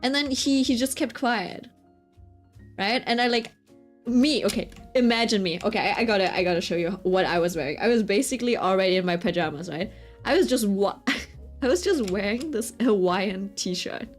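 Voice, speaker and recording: A woman's voice: mid-range voice, moderate pace. Young girl rambling through a story on stream, lots of "right?", little music in the back. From Britain. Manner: chatty, animated, keeps checking in with listeners. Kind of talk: casual storytelling chat.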